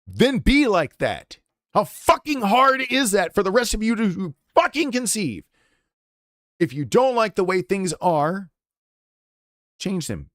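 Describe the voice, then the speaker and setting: A man's voice: high voice, big pitch swings, measured pace, a bit bright, no room sound, clean studio sound. A man streaming live, delivering an impassioned, profanity-laced rant in a blunt, unscripted way. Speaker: game streamer.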